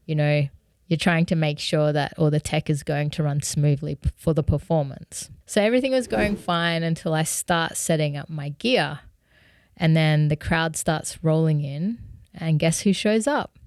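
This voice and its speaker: A young woman talks through a personal story in an earnest, candid way, with fillers like "you know" sprinkled throughout. Her voice sits low and sounds smooth and clear. The recording is close and dry, with no room sound. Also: moderate pace, a little mellow, no room sound. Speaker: musician vlogger.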